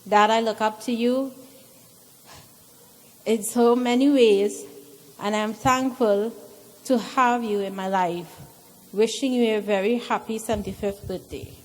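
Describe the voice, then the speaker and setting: A woman giving a heartfelt birthday speech to her father at a temple gathering, halting and emotional at times. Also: a little high, fairly even intonation, in a large hall. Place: temple hall.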